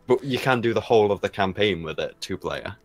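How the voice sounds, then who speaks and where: A man co-hosting a game stream, chatting in an easygoing, halting way with lots of fillers. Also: fairly low pitch, lively intonation, dry recording. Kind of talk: casual gaming stream chat.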